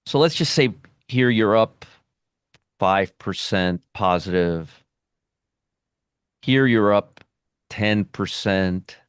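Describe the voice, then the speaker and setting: A man's voice: fairly low pitch, slow, long pauses, clear, resonant tone, dry recording, studio quality. A man teaching a trading lesson at a whiteboard, emphatic, repeating phrases and checking in with "okay?". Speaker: trading educator.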